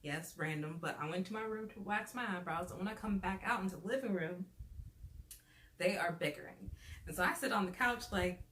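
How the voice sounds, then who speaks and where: A woman's voice: lowish voice, a little fast, a bit bright. Chatty exasperated woman in an echoey room. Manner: chatty and exasperated, leans on "like" as a filler. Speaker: vlogger. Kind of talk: casual storytime chat. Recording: roomy echo with faint noise.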